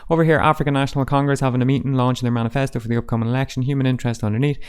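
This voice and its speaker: A man's voice: mid-range voice, flat delivery, very fast, clear, resonant tone. A man hosting a casual roundup of newspaper front pages, with dry, sarcastic asides. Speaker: host.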